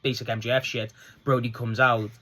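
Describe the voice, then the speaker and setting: A man casually reviewing a wrestling show on his own, excitable and swearing freely as he recounts the segments. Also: mid-range voice, brisk.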